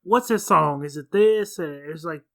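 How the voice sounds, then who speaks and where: A man's voice: on the high side, normal speed, creaky. A man in his thirties co-hosting a podcast, talking casually through a movie's plot and correcting details. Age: 30s. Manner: relaxed, corrects details, quotes film lines. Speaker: podcast co-host. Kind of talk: casual film recap chat.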